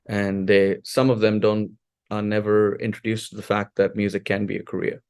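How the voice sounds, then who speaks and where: A man in his forties from India speaks as a podcast guest, his voice low and full of vocal fry. He tells his story in a lively, rambling way, stopping to restart and adding fillers as he goes. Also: moderate pace. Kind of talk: casual interview storytelling.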